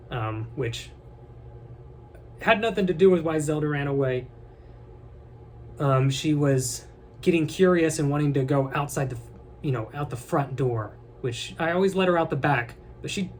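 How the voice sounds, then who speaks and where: A man's voice: fairly high pitch, slight background noise. Rambling man talking to camera. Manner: rambling, joking, then tearful and halting. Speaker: vlogger.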